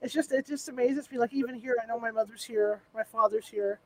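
Host, relaxed and reflective, conversational, mid-pitched voice. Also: brisk, no room sound. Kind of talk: casual interview chat.

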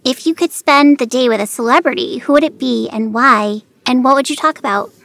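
High-voiced woman asking questions. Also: fairly quick, vocal fry, fairly bright tone. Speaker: interviewer. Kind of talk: casual interview chat.

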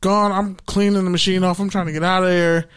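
A man's voice: high-pitched, a little fast, clear, resonant tone. A young man telling a story in a casual, profane way, acting out what people said. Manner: profane, animated storytelling with acted-out quotes. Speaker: podcast host.

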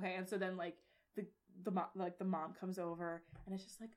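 A woman's voice: lowish voice, steady tone, fairly quick, darkish tone. A woman running a tabletop role-playing game, rambling through her narration with constant filler words and blunt, profane asides. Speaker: game master.

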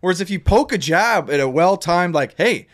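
A man hosting a casual sports chat, ranting in an animated, joking way. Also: high voice, a little fast, slight background noise. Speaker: podcast host.

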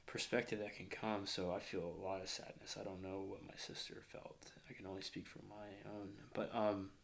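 Low and gravelly, with little rise or fall in pitch, a man in his thirties from Northwest Arkansas talks as an interview guest. His slight Arkansas accent carries a reflective account of childhood grief. Near tears, he slows down and drops almost to a whisper when emotion hits.

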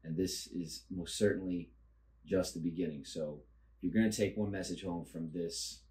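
A man co-hosting a podcast in casual chat, earnest and halting as he searches for words. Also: low voice, fairly even intonation, darkish tone. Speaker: podcast co-host. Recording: echoey room.

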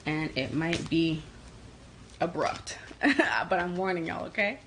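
Fast-talking New York woman reading tarot. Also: lowish voice, a little hiss or hum, poor audio. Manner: fast-talking, energetic, reads comments aloud. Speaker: livestream host doing tarot readings. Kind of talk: casual livestream chat.

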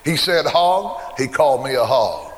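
An older man's sermon in a church features a folksy memory and emphatic, recurring refrains. His slightly high voice moves at normal speed with lively intonation, over slight background noise and a long church-hall reverb.

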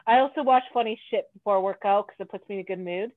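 A woman's voice: mid-range voice, quick pace, dry recording. A woman in casual chat, blunt and rambling, swearing freely as she talks. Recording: tinny phone-like sound.

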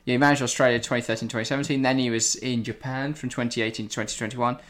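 A man's voice: medium pitch, level tone, very fast, fairly bright tone. Argumentative man in football banter. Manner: argumentative, insistent, reads stats aloud. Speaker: podcast co-host. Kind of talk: casual football debate.

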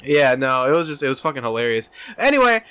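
A man's voice: mid-range voice, big pitch swings, quick pace, sharp tone, clear, resonant tone. A man hosting a comedy podcast, chatting crudely and rambling while steering the talk between his co-hosts. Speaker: podcast host. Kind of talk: casual comedic chat.

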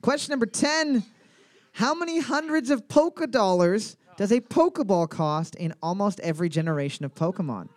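A man's voice: sits high, lively intonation, normal speed, dry recording. A man hosting a live trivia night, reading out questions twice and joking with profanity. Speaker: trivia quiz host.

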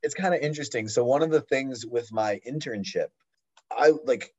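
A man's voice: mid-range voice, moderate pace, husky. Young male podcast co-host, rambling casual talker, slightly muffled lo-fi recording. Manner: rambling, lots of fillers and restarts. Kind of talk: casual chat.

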